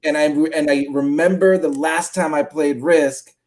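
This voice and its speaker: A man's voice: on the high side, a little slow, rough recording. A man chatting casually as a stream guest, telling jokey stories and swearing freely. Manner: animated, joking, swears freely. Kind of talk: casual chat, storytelling.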